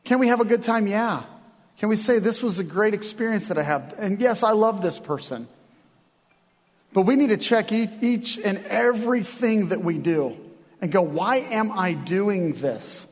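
Pastor, male, high-pitched voice, lively conversational sermon delivery in a church with long reverb. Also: normal speed. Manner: animated, conversational preaching with acted-out quotes.

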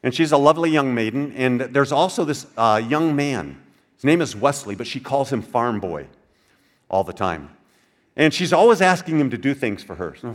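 An older man preaching a sermon in a conversational way. He asks the listeners questions and drops into soft, quiet passages. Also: medium pitch, lively intonation, moderate pace. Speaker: pastor.

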